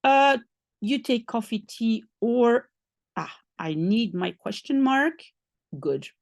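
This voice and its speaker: A woman's voice: a little high, animated, takes it slowly, gravelly, darkish tone, dry recording, studio quality. A woman teaching a lesson, patient and explaining step by step, often checking if she is understood. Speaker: language teacher. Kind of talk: one-on-one French lesson.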